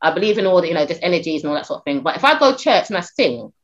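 Talking very fast in a fairly low voice, this middle-aged woman, a talent agent guesting on a podcast, swaps lively stories in a casual way, restarting often and using plenty of fillers. The sound quality is lo-fi.

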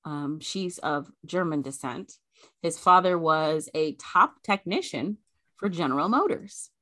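A woman's voice: low-pitched, lively intonation, unhurried, bright, forceful tone, no room sound. A woman co-hosting a podcast in casual chat, chatty with many fillers and frequent laughter. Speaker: podcast co-host.

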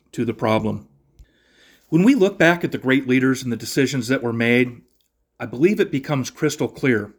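After reading a passage of Scripture in a steady, measured cadence, a medium-pitched male podcast host shares a short devotional reflection and ends in prayer.

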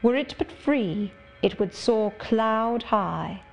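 Woman reading as Mister Rochester, wry and measured. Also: a little high, expressive, creaky, full character voice. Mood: musing. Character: brooding, sardonic gentleman of middle age. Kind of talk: audiobook reading.

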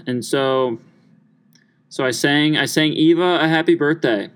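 A man's voice: medium pitch, steady tone, unhurried, fairly bright tone, smooth. A young man hosting his own podcast, chatting casually and rambling through a story with many restarts. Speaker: podcast host. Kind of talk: casual solo podcast chat.

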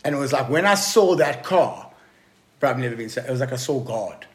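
A man's voice: medium pitch, brisk. A man telling a story casually to a podcast host, swearing freely and calling him bro. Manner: profane, excitable storyteller addressing the listener as bro. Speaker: podcast guest.

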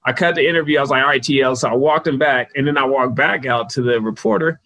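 A man being interviewed as a guest, telling casual stories and acting out the people he quotes in a higher, louder voice. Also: fast, few pauses, low-quality recording. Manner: animated storyteller, jumps higher and louder when quoting people. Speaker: guest, sports PR consultant.

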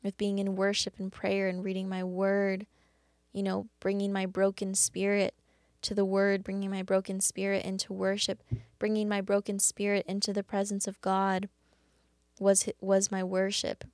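Woman, devotional podcast host, earnest, halting, gravelly fry, dry close sound. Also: medium pitch, completely flat delivery, darkish tone, no echo. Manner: earnest, halting, with many restarts. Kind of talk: faith devotional talk.

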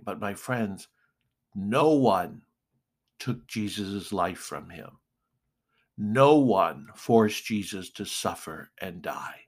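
A middle-aged male pastor preaching a sermon, slow and deliberate with emphatic pauses. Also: lowish voice.

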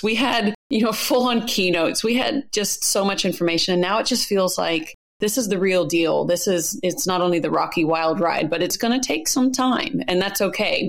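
A bubbly woman, co-hosting a podcast with a playful, chatty manner. Her voice sits a little low for a woman. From New Zealand. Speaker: podcast co-host. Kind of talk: casual podcast chat.

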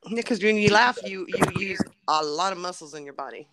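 A woman's voice: lowish voice, animated, fairly quick, background noise. A woman hosting a podcast in casual chat, laughing often and teasing her co-host.

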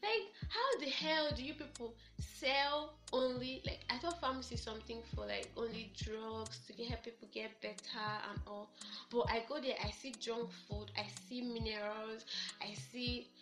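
A young woman with a Nigerian accent, a podcast guest telling stories in an animated, laughing way. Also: on the high side, moderate pace. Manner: animated storytelling, laughs often. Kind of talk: casual podcast chat. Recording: echoey room with faint music.

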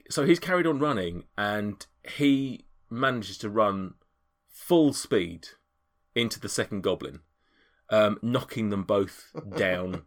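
Deep-voiced game master, hesitant. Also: male voice. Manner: hesitant, many fillers. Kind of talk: narrating a tabletop game.

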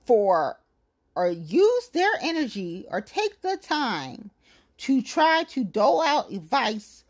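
Fired-up woman in a profane rant. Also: a little high. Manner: blunt, profane, heated, emphatic. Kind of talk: angry venting rant to camera.

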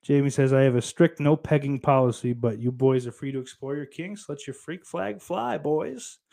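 A man's voice: medium pitch, moderate pace, creaky, warm tone. A male livestream host reading chat aloud in a put-on Irish accent, swearing often and breaking into giggles. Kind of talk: casual stream chat.

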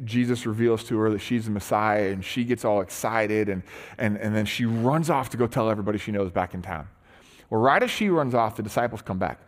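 A man's voice: on the low side, fairly quick. A man preaching a sermon as pastor, retelling a story in casual, conversational terms with frequent restarts. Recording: long hall reverb.

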